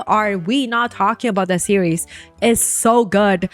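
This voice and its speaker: A woman's voice: mid-range voice, fairly even intonation, a little slow, no room sound, soft background music. A woman hosting a casual storytime, retelling a novel in a chatty, emphatic way and talking straight to her viewers. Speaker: book storytime host.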